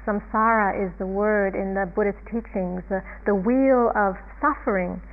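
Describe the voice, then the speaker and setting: Reflective woman teacher on a tinny line. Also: medium pitch. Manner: reflective, unhurried, chuckles often. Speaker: meditation teacher. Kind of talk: dharma talk.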